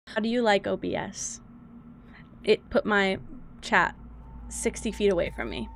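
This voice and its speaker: A woman's voice: fairly high pitch, lively intonation, a little slow, pauses often, a bit bright. A woman game streamer chatting casually with viewers, exasperated, swearing and laughing at her own troubles. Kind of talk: casual live-stream chat.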